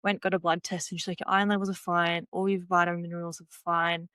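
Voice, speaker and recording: A young woman, once a swimmer and now a podcast guest, talks fast in a fairly low, clear, resonant voice, captured close and dry with no room echo. Her relaxed, chatty interview storytelling often acts out what she and others said, with plenty of "like" and "you know."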